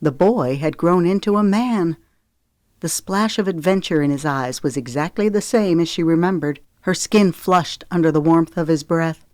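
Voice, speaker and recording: A woman reads a scripted audiobook narration in a steady, even storytelling style. Her voice is fairly low and her pace moderate, recorded dry with clean studio sound.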